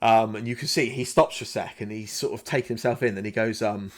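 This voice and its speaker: A man's voice: fairly low pitch, fairly even intonation, quick pace. A man running a live tabletop game as game master, narrating in a loose, conversational way with plenty of ums and likes.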